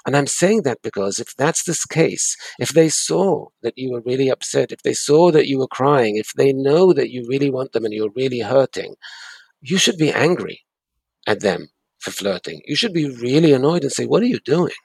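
A man's voice: mid-range voice, animated, normal speed, creaky, a little mellow, slightly rough, no room sound. A man giving breakup advice in an interview, earnest and emphatic, often repeating his key points. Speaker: guest expert on breakups.

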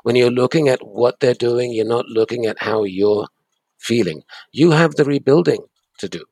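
A man with a gravelly, slightly husky voice answers questions about moving on after a breakup. He speaks earnestly and leans hard on his points. The sound is dry and close. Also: medium pitch, normal speed, darkish tone, no room sound. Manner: earnest, emphatic, repeats key words. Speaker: guest expert on breakups. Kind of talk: advice interview.

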